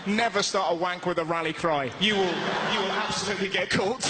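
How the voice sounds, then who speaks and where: A British man doing stand-up storytelling, animated and acting out quoted voices. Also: high-pitched, brisk, heavy background noise. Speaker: stand-up comedian. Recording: loud live-audience ambience, played clip. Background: audience laughter.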